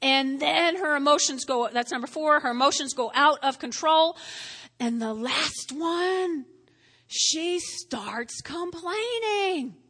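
Chatty woman preacher, high bright voice, acts out the story, echoey church room. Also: slow. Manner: animated, acts out scenes, chatty asides to listeners. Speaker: Bible teacher. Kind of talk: lively sermon to a live group. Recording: reverberant hall.

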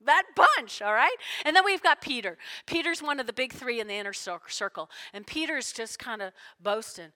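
A woman pastor preaching a lively sermon to her congregation, playfully acting out the people she quotes. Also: fairly high pitch, moderate pace, few pauses. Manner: animated, playful, acts out quotes with big shifts. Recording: long hall reverb.

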